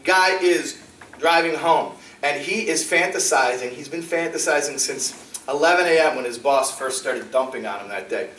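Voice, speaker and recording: Animated rabbi lecturing in a roomy hall. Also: male voice, normal speed, a little hiss or hum. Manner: animated, acts out dialogue with shifting pitch. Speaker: rabbi giving a talk. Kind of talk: lively storytelling lecture. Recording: roomy, distant mic in a hall.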